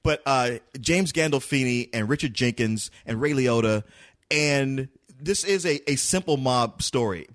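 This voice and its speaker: A man co-hosting a film review podcast who talks in a playful, teasing way in casual chat. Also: medium pitch.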